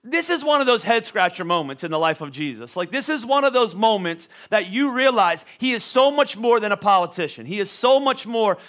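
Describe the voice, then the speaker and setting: A man's voice: high-pitched, animated, brisk, hardly any pauses, fairly bright tone. A man in his thirties, a pastor preaching a sermon in a conversational way, often repeating words as he goes.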